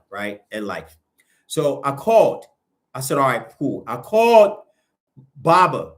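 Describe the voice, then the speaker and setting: A man telling a personal story in casual talk, acting out the quoted lines with many restarts. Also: medium pitch. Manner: animated, acts out quoted dialogue, frequent restarts. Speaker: storyteller recounting events.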